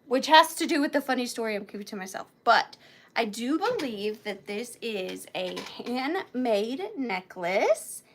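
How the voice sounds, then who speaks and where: A high-pitched woman hosts a live sale of vintage finds, chatting casually and greeting viewers by name between items. She laughs often and sounds a bit out of breath as she talks. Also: bright, forceful tone. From Georgia, US. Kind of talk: casual live-stream selling.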